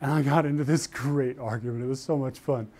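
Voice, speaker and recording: An older man from Utah giving an animated university lecture, telling stories and acting out the voices of the people in them. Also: mid-range voice, a little fast. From Utah, USA. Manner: lively storytelling, acts out quoted voices. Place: lecture hall.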